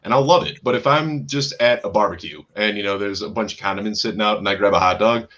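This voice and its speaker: A man's voice: on the low side, quick pace, fairly bright tone, lo-fi sound. A man appearing as a guest on a casual sports podcast, voicing his opinions emphatically and defiantly.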